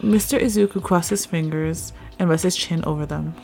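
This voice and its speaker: Female narrator, low mellow voice, steady read, faint music bed. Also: moderate pace, creaky. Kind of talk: fan fiction audiobook narration.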